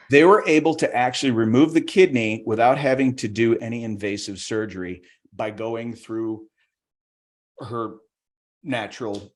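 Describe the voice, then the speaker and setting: A man's voice: medium pitch, measured pace, pauses often. A middle-aged man doing a stand-up set over a video call, self-deprecating and rambling, restarting his sentences. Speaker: guest comedian.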